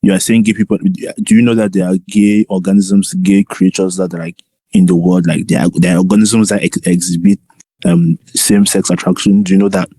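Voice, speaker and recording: A man arguing earnestly in a casual voice chat debate, halting with restarts and repeated interruptions of "hold on". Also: low-pitched, little pitch movement, dark tone, breathy edge, dry recording.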